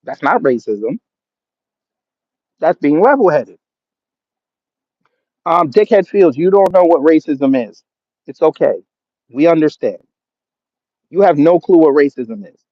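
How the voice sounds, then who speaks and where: A man's voice: fairly high pitch, expressive, a little slow, long pauses, no room sound. A man of Jamaican background hosting a livestream, reading out chat comments and answering them with sarcasm and laughter. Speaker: livestream host. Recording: dull lo-fi stream audio.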